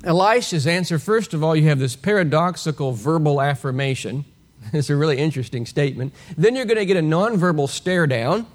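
Guy preaching a sermon, kinda high voice, lively, lots of questions to the crowd, little laughs. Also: fairly quick. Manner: animated, rhetorical questions, chuckles while teaching. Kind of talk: expository sermon.

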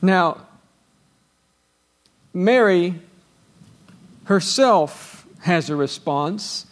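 A man preaching a sermon as pastor, quizzing his congregation and lifting his voice high and loud as he reads scripture aloud. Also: animated, drawn-out words. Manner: rises to loud exclaiming when reading scripture; asks the congregation questions.

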